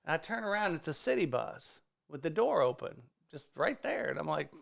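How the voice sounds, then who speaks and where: A man, a stand-up comedian, telling a casual story on a podcast, animated and swearing freely as he acts out the people in it. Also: a little high, fairly quick, vocal fry. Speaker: guest comedian. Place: podcast studio.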